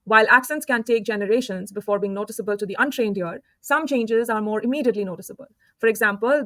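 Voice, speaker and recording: A woman from India giving a calm, measured scripted narration for an explainer video. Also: a little high, no room sound.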